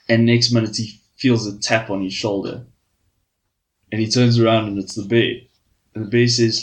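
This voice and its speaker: A man's voice: medium pitch, fairly even intonation, normal speed, rough recording. A man on a podcast telling a long crude joke, swearing freely and padding it with fillers. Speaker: podcast host.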